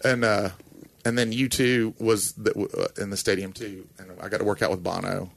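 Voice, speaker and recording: A man's voice: on the low side, normal speed, gravelly. A man in casual chat, a former college kicker telling stories with jokes and acted-out quotes. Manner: animated storyteller, joking, acts out quotes.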